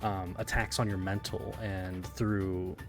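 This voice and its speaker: A man with a fairly low voice runs a tabletop role-playing game, walking the players through the rules and narrating the scenes in a relaxed, explanatory way. Music plays clearly behind him throughout. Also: takes it slowly. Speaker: game master.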